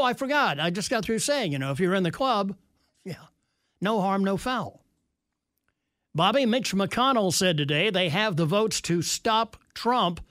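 Wry, high-voiced radio host. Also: male voice, a bit bright, no room sound, clean studio sound. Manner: wry, sarcastic asides. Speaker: radio talk show host. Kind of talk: talk radio, reading listener texts.

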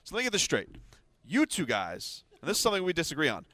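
A man's voice: fairly high pitch, huge pitch swings, quick pace, crowd noise. A man hosting a sports radio show, arguing in a combative, teasing way. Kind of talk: argumentative sports talk.

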